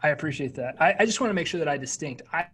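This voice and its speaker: Earnest male guest, raised pitch, sincere and emphatic. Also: expressive, rapid-fire, a crowd in the background. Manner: earnest, emphatic, repeats words. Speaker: entrepreneur guest. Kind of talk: interview answers.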